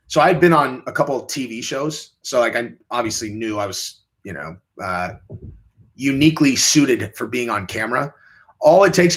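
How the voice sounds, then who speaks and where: A young man hosting a casual livestream, reading viewer questions and rambling in a crude, offhand way. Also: fairly bright tone. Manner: rambling, crude, jumps into high mocking voices when quoting. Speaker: livestream host.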